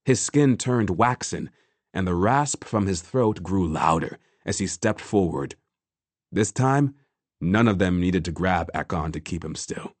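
Male audiobook narrator, slow measured delivery, lowish voice, dry close sound. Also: lively intonation, no room sound. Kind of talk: scripted fiction narration.

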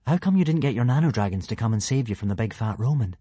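A woman's voice: extremely low pitch, lively intonation, quick pace, mellow, slightly rough, no room sound, full character voice. A woman voicing a polite, earnest young boy who speaks plainly. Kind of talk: audiobook character voice.

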